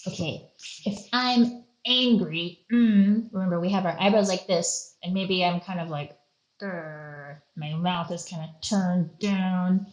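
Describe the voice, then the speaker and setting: A woman's voice: fairly low pitch, fairly even intonation, unhurried, echoey room, rough recording. A woman leading a playful art lesson for children, acting out faces and little voices as she goes. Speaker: museum educator.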